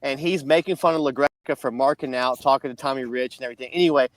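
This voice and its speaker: A man's voice: mid-range voice, fast talker, background noise. A man co-hosting a podcast, telling a long story in a casual, rambling way. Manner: rambling storyteller, many restarts. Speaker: podcast co-host.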